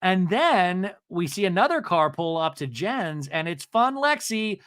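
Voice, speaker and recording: Animated, snarky podcast host, lively voice. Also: male voice, high voice, unhurried, clean tone, no room sound, clean studio sound. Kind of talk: comedic TV recap.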